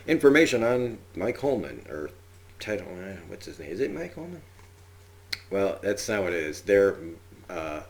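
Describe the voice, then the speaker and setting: A man casually reviewing a TV episode, rambling with fillers and acting out quotes. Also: sits low. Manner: rambling, chatty, with frequent fillers and acted-out quotes. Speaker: TV review podcast host.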